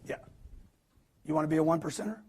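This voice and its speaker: A man giving a live motivational sales talk to an audience, emphatic and preachy, with punchy repetition and quick acted-out quotes. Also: on the high side, darkish tone, husky. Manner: acts out quotes in put-on voices.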